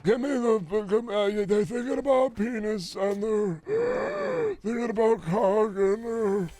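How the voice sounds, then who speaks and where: A man doing a comedy impression of a rambling, pompous older male politician, drawn out and halting with gasps. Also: high voice, lively intonation, warm tone, no room sound, pitched above the performer's own voice, full character voice.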